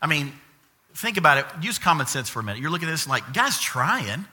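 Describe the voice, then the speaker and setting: Bright-voiced pastor with a grandson, preaching. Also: male voice, fairly high pitch, very fast. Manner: animated storytelling, acts out quoted voices. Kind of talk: sermon.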